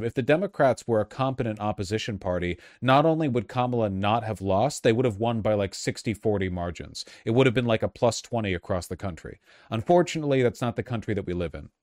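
Young guy streamer ranting about politics, argues a lot, keeps restarting, dry close mic. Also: no echo. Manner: argumentative, restarts a lot, animated rises in pitch. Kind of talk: political livestream commentary.

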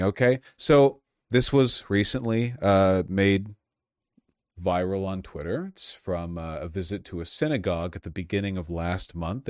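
Sarcastic man commenting, low voice, dry mic. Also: darkish tone, no echo. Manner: sarcastic, restless, many restarts. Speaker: political commentator. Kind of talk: casual commentary, reading articles aloud.

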